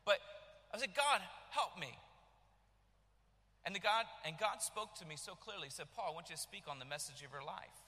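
A man in his thirties from the United States preaching a sermon, telling his story with animated bursts of shouting. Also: high voice, fast talker. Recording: long reverb of a large hall.

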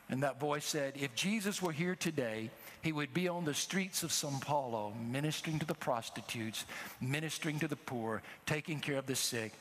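A middle-aged man preaching a sermon, telling a personal story with emotion and rising to loud exhortations. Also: mid-range voice, fairly quick. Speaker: traveling preacher.

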